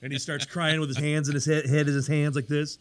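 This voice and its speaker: A man hosting a sports radio show in a studio, chatty and energetic, his voice worn from days of talking. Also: fairly high pitch, fast talker. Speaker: radio show host and pastor. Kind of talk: casual sports radio chat.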